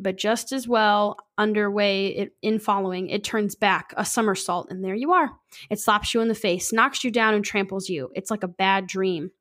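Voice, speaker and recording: A woman podcast co-host reads a classic story aloud at a medium pitch. She stumbles over words and restarts them, and she cuts in with cursing, wisecracking comments. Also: fairly bright tone. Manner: breaks off reading for swearing and joking asides. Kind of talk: reading a story aloud with asides.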